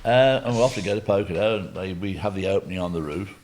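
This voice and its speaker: An older Englishman with a very low voice spins a long, humorous anecdote for an interviewer. He rambles, doubles back and drops asides and the odd cough as he goes. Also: fast, darkish tone. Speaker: guest. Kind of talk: anecdotal storytelling.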